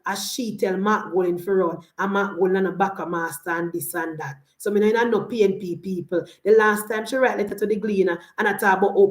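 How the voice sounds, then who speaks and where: A woman's voice: mid-range voice, echoey room. A Jamaican woman in her forties giving a fiery, opinionated political monologue, full of repeated lines and rhetorical questions. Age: 40s. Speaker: political commentator.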